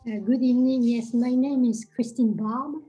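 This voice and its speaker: A woman's voice: on the high side, steady tone, moderate pace, mellow, faint music behind, poor audio. A woman from France with a French accent, a winemaker presenting at a virtual wine tasting over a video call, speaking carefully with frequent ums.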